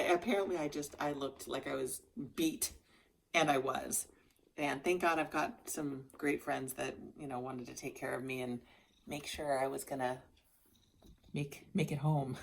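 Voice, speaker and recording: Low-pitched woman, middle-aged, worn-out, chatty candid vlog update. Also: creaky, a little mellow. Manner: chatty and candid, with frequent laughs and restarts. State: worn out and tired. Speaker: vlogger sharing a health journey. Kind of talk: casual personal video update.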